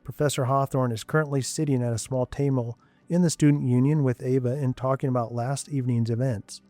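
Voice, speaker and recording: A man's voice: mid-range voice, fairly even intonation, fairly quick, mellow, no echo, soft background music. Man narrating an audio story. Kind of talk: scripted narration.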